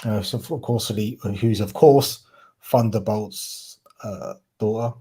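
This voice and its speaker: A man's voice: on the low side, takes it slowly, mellow, husky. A man with a Cockney accent, co-hosting a casual chat and often stopping to correct himself mid-sentence. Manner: rambling, self-correcting, often trips over words. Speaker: podcast co-host.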